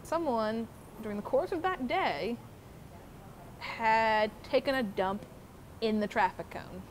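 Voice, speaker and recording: A young adult woman telling a story about her old job to the camera in a casual, animated way, swearing often. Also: on the high side, takes it slowly. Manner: profane, animated, swears freely. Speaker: former theme park worker telling her story. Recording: noisy background.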